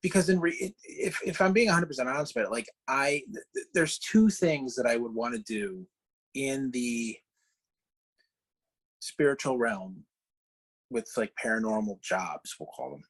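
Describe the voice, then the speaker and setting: A man hosting a casual chat over a video call from home, rambling with halting restarts. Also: mid-range voice, expressive, rough recording. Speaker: podcast host. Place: home, downstairs.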